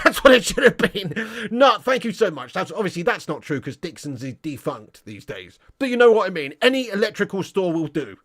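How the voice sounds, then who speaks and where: Male livestream host, joking and laughing, casual chat, slightly high voice. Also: very animated, fairly quick, fairly bright tone. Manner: jokey, laughing, chatty, British slang. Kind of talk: casual livestream chat reading super chats.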